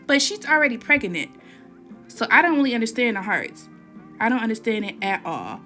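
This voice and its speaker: A woman voices over her gameplay video in a sing-song, slightly fast, sharp-toned way, with soft music playing underneath. She chats and rambles directly to her viewers as y'all, remarks that she tends to talk low, and records on an iPad for her gaming channel.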